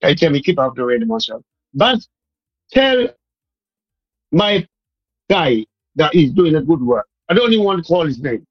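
A man's voice: on the high side, very animated, moderate pace, long pauses, slightly rough, dry recording, highs cut off. A man from Montserrat with a Montserratian Caribbean accent, calling in to a radio show and talking in a rambling, repetitive, fervent way. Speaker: radio caller. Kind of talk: emotional call-in to radio.

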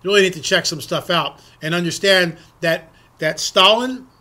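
A man's voice: high-pitched, moderate pace, sharp tone. A man hosting political talk radio, ranting indignantly and often repeating words as he restarts his sentences.

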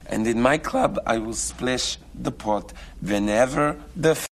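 Actor as a menacing Russian card-club boss. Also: male voice, medium pitch, slight background noise, lightly acted. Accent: overdone Russian accent in English. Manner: slow, heavy, threatening drawl.

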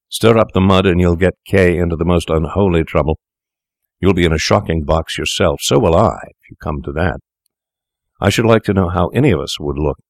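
A cynical young doctor brushes off a grim discovery in a storybook, as a male reader puts him on. He speaks coolly and dismissively in a deep, low voice. The sound is dry and close. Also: no echo. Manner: cool, dismissive and worldly.

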